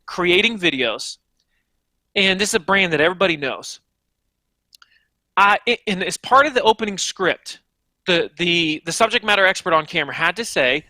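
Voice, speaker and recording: A man, an author being interviewed, answering with animated, emphatic energy and speaking straight to the audience. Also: high voice, moderate pace, long pauses, no room sound. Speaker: author and guest.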